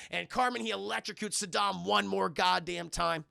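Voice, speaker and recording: A man's voice: sits high, fairly even intonation, normal speed, vocal fry, few pauses, sharp tone, no room sound, clean studio sound. A man giving a casual, profanity-laden scene-by-scene film recap while talking to his live chat. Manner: keeps addressing his chat, heavy swearing. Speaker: film reviewer and livestreamer.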